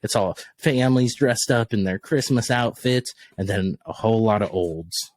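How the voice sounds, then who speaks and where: A man co-hosts a podcast in an easygoing way, with plenty of ums and likes. His voice sits low. The sound is dry and close. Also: normal speed, darkish tone, no echo. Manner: laid-back, filler-heavy, swears casually. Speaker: podcast co-host. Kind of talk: casual chat.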